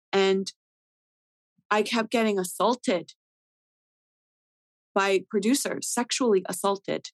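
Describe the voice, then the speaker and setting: A woman in her thirties, a rapper guest telling a story in a casual interview, animated and swearing often as she acts out what people said. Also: mid-range voice, dry recording, rough recording. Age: 30s.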